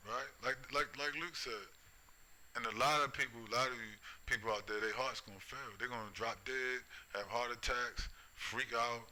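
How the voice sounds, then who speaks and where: A man's voice: medium pitch, pushed and bright, poor audio. A middle-aged man delivering a preachy, profane rant, full of repetition and tag questions. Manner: profane, repetitive, keeps asking "right?" and "you see?". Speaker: vlogger. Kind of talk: preachy ranting monologue.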